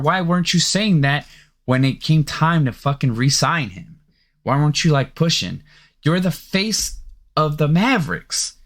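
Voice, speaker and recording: A man's voice: a little high, very animated, unhurried, a bit bright. A man hosting a sports podcast, ranting in a heated, profane, rambling way with plenty of filler. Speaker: podcast host. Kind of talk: casual sports rant.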